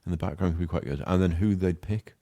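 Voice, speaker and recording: Man, very low voice, jokey and sweary, casual podcast chat. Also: fast, warm tone, no echo, studio quality. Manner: sweary, jokey, trails off mid-sentence. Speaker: co-host.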